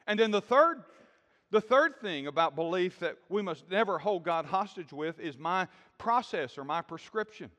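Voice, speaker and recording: A man's voice: high-pitched, animated, moderate pace, a bit bright. A man preaching a sermon and asking the congregation questions as he talks. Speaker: pastor. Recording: long hall reverb.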